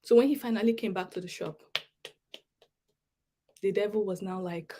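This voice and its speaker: A woman giving an emotional personal testimony at a summit, halting and repeating words as she pleads earnestly with listeners. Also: medium pitch, mellow, a little hiss or hum. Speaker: summit speaker.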